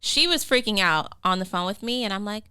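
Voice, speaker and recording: A woman real estate agent co-hosting a podcast, talking in a calm, chill, laid-back way. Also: mid-range voice, brisk, smooth, dry recording, studio quality. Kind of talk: casual chat.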